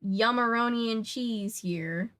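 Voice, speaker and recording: A woman's voice: a little high, takes it slowly, fairly bright tone. Shaggy, as a woman puts him on, hungry slacker. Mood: chatty. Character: lanky young man, always hungry, easygoing.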